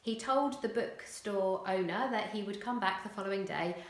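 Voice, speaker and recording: A woman primary school teacher explaining a writing lesson clearly, with occasional fillers. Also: medium pitch, normal speed, echoey room.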